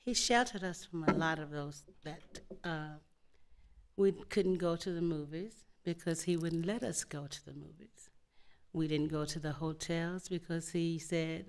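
A woman's voice: sits low, fairly even intonation, measured pace. An older woman on a stage panel, recalling her past in a plainspoken, good-humored way. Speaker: panelist, former civil rights activist. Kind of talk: recounting memories on a panel. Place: auditorium event on stage.

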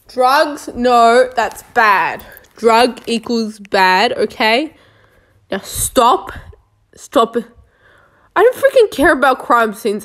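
A woman narrating her gameplay in a relaxed, unhurried way, full of sarcastic jokes and muttered asides. Her voice sits on the higher side, and she drawls through her remarks at a leisurely pace. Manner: sarcastic, joking, talks to herself. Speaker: gamer playing a police game. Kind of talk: casual gameplay commentary.

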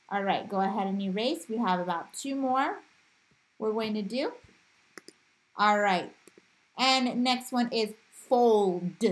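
A woman teaching a phonics lesson to young children, patient and encouraging, sounding out letters and words one at a time. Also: medium pitch.

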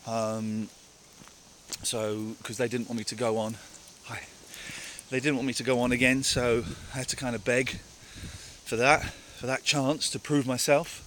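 Walking uphill in the countryside, a man answers viewers on a casual live stream, occasionally out of breath. His mid-range, fairly bright voice keeps a measured pace with little pitch movement, his manner candid and emphatic with repeated phrases for effect, and there's a little hiss or hum.

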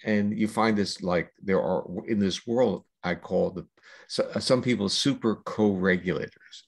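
An older man speaks as a scientist guest in a podcast interview, laying out ideas at length in a measured, lecturing manner. His voice sits low and gravelly, with a husky edge. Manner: measured, lecturing with long explanations. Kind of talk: explanatory interview talk.

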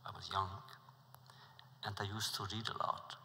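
A middle-aged man giving a lecture, telling a story in a measured, deliberate way. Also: on the low side, completely flat delivery, pushed and bright. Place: lecture hall before an audience. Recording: reverberant lecture hall.

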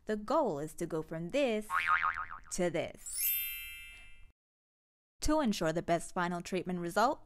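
An Australian woman reads a scripted explainer for a dental clinic at a middle pitch. Her delivery is friendly, upbeat and clear, recorded as a clean voice-over. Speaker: clinic video narrator.

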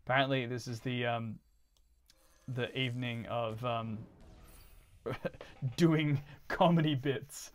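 A man's voice: medium pitch, steady tone, slow, pauses often. A man chatting casually while he plays on a game stream. He rambles and laughs often. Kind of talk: casual chat while gaming.

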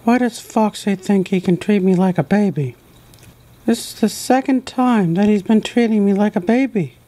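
A mellow, unforced voice plays a touchy plush animatronic fox in a homemade toy skit, the performer barely changing their own voice. The talk is plain and exasperated, full of complaints about being babied. Nothing is pushed or theatrical. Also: mid-range voice, moderate pace, close to an everyday voice.

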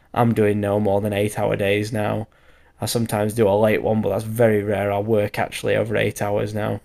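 Tired, gravelly man rambling. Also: on the low side, darkish tone. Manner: rambling, loose talk full of fillers and the odd swear. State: tired from lack of sleep. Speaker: bricklayer vlogger. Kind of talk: casual voiceover commentary.

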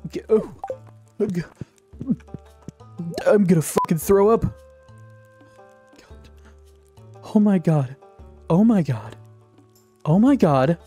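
Brief: male gamer, excitable running commentary, curses freely, soft music under him. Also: high-pitched, slow pace, pauses often, husky. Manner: excitable, swears, talks to the game. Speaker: gaming YouTuber. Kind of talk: casual let's-play commentary.

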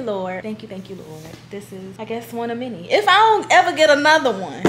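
Excitable young woman vlogger. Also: medium pitch, fairly quick, hardly any pauses, background noise. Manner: excitable, squealing and laughing, repeats herself. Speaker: beauty vlogger. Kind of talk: casual vlog chat.

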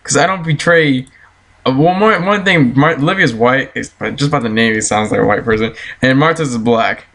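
A man's voice: mid-range voice, normal speed, a bit bright. A man telling a story as a casual, heated, profane rant, breaking into laughter now and then.

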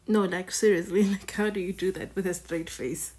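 A woman's voice: lowish voice, steady tone, moderate pace, hardly any pauses, a little mellow, husky. A woman hosting a reaction video in a casual, conversational way, often repeating words and phrases for emphasis.

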